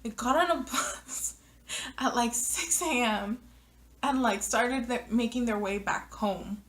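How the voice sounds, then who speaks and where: A young woman from the United States telling a story to the camera in a chatty way, heavy on fillers, now and then dropping into hushed asides. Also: on the high side, slow pace. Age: young adult. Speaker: vlogger. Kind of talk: casual storytime.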